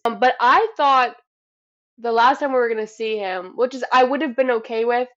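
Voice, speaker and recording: A woman co-hosting a casual podcast, talking in an animated, swearing way and acting out her own reactions. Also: a little high, normal speed. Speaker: podcast co-host. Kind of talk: casual chat. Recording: dull lo-fi sound.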